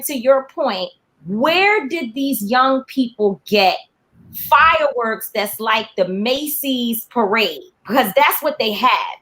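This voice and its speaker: A woman's voice: a little high, sharp tone. A woman in her forties, a panel guest, talking earnestly and searching for her words as she restarts sentences. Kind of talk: panel discussion.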